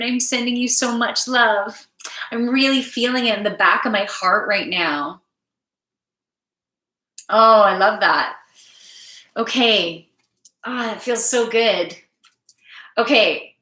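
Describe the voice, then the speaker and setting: A woman giving a live oracle card reading, speaking gently and emotionally to her viewers and reading their comments aloud. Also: a little high, roomy sound, rough recording. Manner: gentle, spiritual, emotive, reads chat aloud.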